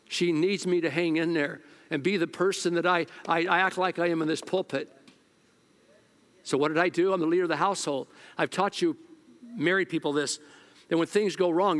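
An older male pastor delivering a sermon in a fairly high voice. He talks in a loose, colloquial way, rising to loud urging and dropping to quiet, confessional storytelling, repeating himself when he gets worked up. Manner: animated, swings from loud exhortation to hushed storytelling.

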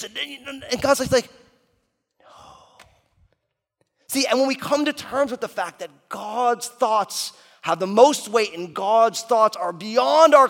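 A middle-aged male pastor giving a sermon, telling a story with quick asides to the congregation. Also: high voice, fairly bright tone. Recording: long hall reverb.

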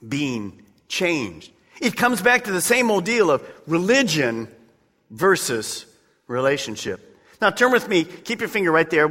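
In a church sanctuary with the long reverb of a large hall, a man preaches as pastor, emphatic and conversational, appealing directly to his listeners. His voice is on the high side, bright and forceful.

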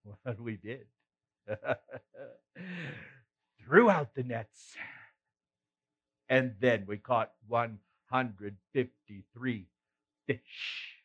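A man's voice: medium pitch, very slow, pauses often, breathy edge, highs cut off. A man playing the apostle Peter, a middle-aged fisherman, telling his story in a folksy first-person monologue with frequent chuckles. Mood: animated.

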